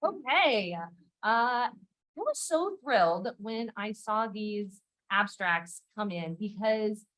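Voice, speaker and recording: A woman moderating a conference panel, speaking in a direct, energetic, conversational way. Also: mid-range voice, slow, low-quality recording. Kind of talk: conference talk. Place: lecture hall.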